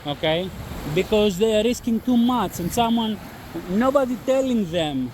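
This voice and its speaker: This man's voice sits high, sounds animated and a little mellow, and moves at a measured pace. A trading channel host with a non-native English accent whose first language isn't English, he talks bluntly about trading risk to a camera-less audience, repeating himself and swearing, with faint wind noise in the background.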